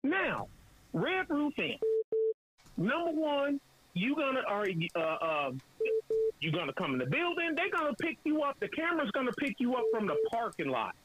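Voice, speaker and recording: Lady calling in, blunt, laughs thru her points, sharp bright voice. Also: high-pitched, sing-song, normal speed, low-quality recording. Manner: blunt, emphatic, laughs while making points. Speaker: caller. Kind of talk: casual chat.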